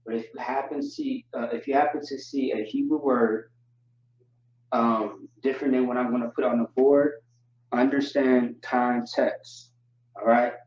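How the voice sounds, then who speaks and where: A man teaching a livestream lesson, explaining slowly and deliberately with frequent fillers. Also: mid-range voice, steady tone, a little mellow. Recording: distant, echoey and dull lo-fi audio.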